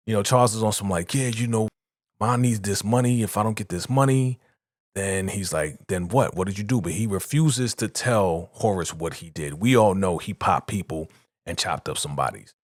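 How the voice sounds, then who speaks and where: A low-pitched man talks through a TV episode in a loose, animated recap, jumping in and out of the characters' lines. The sound is dry and close, with no room around it. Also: no room sound. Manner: animated retelling, quoting characters in quick bursts. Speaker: show reaction host.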